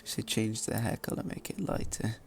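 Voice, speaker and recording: A man's voice: on the low side, expressive, normal speed, vocal fry, in a whisper. A man giving casual gameplay commentary, thinking aloud and hesitating with fillers as he goes. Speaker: let's play gamer.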